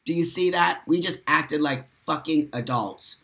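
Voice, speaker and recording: A man's voice: fairly high pitch, a little slow, vocal fry, a bit bright. A middle-aged man hosting a casual livestream, reading out viewer comments and answering them in an emphatic, blunt way, swearing freely and laughing often. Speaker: host.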